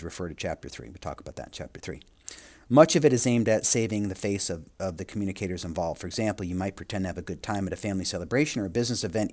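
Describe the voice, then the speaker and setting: Low-voiced man reading a textbook aloud. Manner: reads aloud with asides and small self-corrections. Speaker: instructor.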